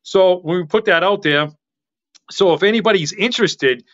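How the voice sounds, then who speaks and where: A man chatting as a podcast guest, excitable and rambling, his loud voice carrying far. His tone is bright and forceful, pitched a little high for a man. The audio is dull and muffled, like a lo-fi call recording. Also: moderate pace. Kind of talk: casual chat.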